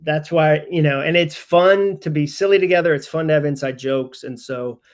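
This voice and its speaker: A man in his forties hosting a live webinar, telling stories in an animated, rambling way full of "like" fillers. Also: fairly high pitch, moderate pace. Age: 40s. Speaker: host. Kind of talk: casual storytelling on a live webinar.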